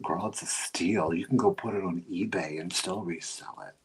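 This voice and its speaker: A man's voice: sits low, normal speed, slight background noise. A man co-hosting a live vintage sale, running auction countdowns and cheering on buyers in an upbeat way.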